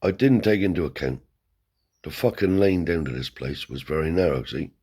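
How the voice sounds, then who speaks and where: A man's voice: very deep voice, moderate pace, breathy edge. A man telling a story from his own life in a blunt, casual way, swearing freely as he goes. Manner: blunt, swears heavily, animated yarn-spinning. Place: seated indoors.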